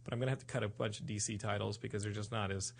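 A man hosting a podcast in casual chat, rambling and excitable. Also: lowish voice, rapid-fire, vocal fry. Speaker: podcast host.

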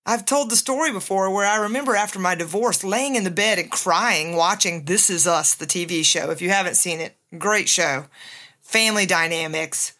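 Cheerful woman host with a forceful, bright voice, giving an emphatic self-help pep talk. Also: mid-range voice. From USA. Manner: upbeat and emphatic, laughs often. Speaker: podcast host.

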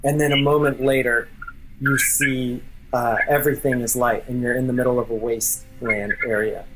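Brief: man game master, mid pitch, casual and rambling, loose fillers, narrating a role-play scene. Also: flat delivery, normal speed, noisy background.

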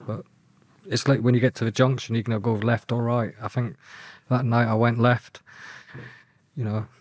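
A man from England recounts his past in a halting, hesitant way, with a flat, even delivery. His voice sits in the middle range and is recorded close and dry. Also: medium pitch, dry recording. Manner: hesitant, halting, many restarts. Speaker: guest who was kidnapped. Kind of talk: reflective personal account.

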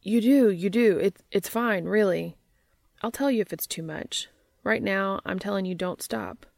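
A woman voicing an eager adult man in a story reading, with breathy, urgent pleading. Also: medium pitch, moderate pace, dry recording, studio quality, natural voice.

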